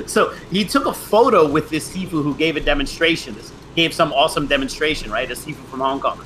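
Bright-voiced man telling rambling stories. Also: a little high, a little fast, slight background noise, rough recording. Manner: rambling, with frequent restarts and laughs. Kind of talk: casual storytelling chat.

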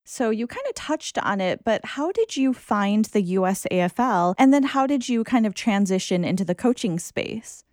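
A woman's voice: medium pitch, sing-song, moderate pace, few pauses, a little mellow, dry recording, studio quality. A woman interviewer who asks casual, friendly questions and laughs often.

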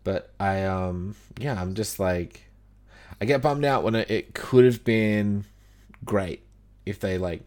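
Low-voiced male co-host, laid-back, filler-heavy, casual and profane. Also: slow, darkish tone. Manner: laid-back, swears a lot, many fillers. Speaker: podcast co-host. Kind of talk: casual wrestling review chat.

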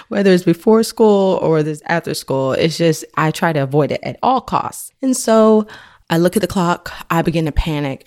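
A woman's voice: lowish voice, darkish tone. A woman in her thirties, a podcast host, telling a personal faith story in an earnest, conversational way.

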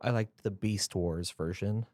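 A man's voice: lowish voice, measured pace, a little mellow, dry recording. A man co-hosting a casual podcast chat, telling stories with eager energy. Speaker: podcast co-host.

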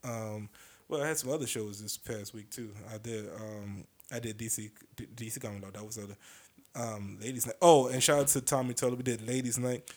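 A man hosting his own podcast, chatting casually and rambling with hesitations and quick impressions of other comedians. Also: mid-range voice, steady tone.

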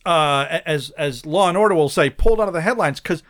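A man's voice: fairly high pitch, brisk. A man co-hosting a podcast, eagerly retelling film scenes in casual chat. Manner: animated, laughing retelling of scenes. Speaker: podcast co-host. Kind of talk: casual movie discussion.

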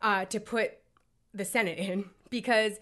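A woman co-hosting a casual political chat, blunt and quick to swear. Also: mid-range voice, fairly even intonation, a bit bright. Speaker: podcast co-host.

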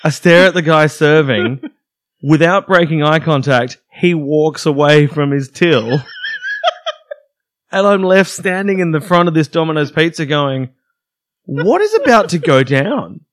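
A man's voice: on the high side, measured pace. Wry Australian man telling stories. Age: 30s. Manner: storytelling, wry and self-deprecating. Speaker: podcast co-host. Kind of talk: casual chat.

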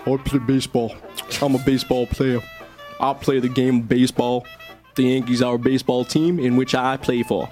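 A man doing a deadpan ballplayer at a press conference. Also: medium pitch, moderate pace, long pauses, faint music behind, pitched below the performer's own voice, close to an everyday voice. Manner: flat, repetitive, deadpan statements. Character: blunt male pro baseball player at a press conference. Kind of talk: comedy radio sketch.

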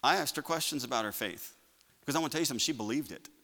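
A man preaching a sermon, building to loud shouts and then dropping to a quiet, conversational tone. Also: mid-range voice, animated, very fast, long reverb tail. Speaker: pastor.

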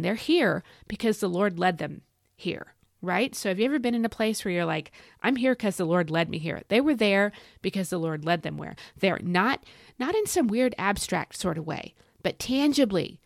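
A woman's voice: medium pitch, dry recording, clean studio sound. A woman hosting a casual devotional podcast from home, chatty and folksy, repeating phrases for emphasis. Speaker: podcast host and Bible teacher. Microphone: home recording.

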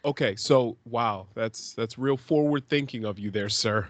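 A man's voice: mid-range voice, measured pace. A man co-hosting a podcast, chatting casually and teasing his partner with dry sarcasm. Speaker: podcast co-host.

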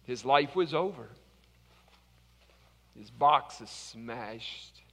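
A male pastor preaching a morning sermon in a dramatic storytelling style, swinging between loud and hushed. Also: mid-range voice, animated, very slow, long reverb tail. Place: church service, live streamed.

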